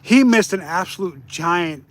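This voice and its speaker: A man, hosting a casual live fishing stream outdoors. He laughs often and gets loud and excited whenever a fish bites. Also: sits high, measured pace. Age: 40s. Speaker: fishing channel host. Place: outdoors by the water.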